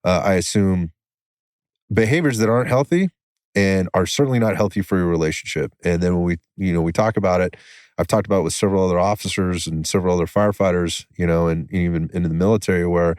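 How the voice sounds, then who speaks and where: A man's voice: deep voice, fast talker, a little mellow, dry recording, studio quality. A man hosting a podcast in casual conversation, rambling and restarting his sentences and swearing freely, talking outdoors. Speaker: podcast host.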